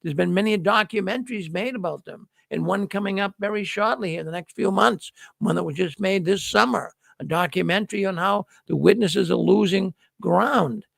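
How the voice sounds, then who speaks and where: A man's voice: high-pitched, normal speed, vocal fry, few pauses, a bit bright, no room sound. A middle-aged man hosting a news livestream, talking casually to viewers in a folksy storytelling way and acting out the dialogue he quotes.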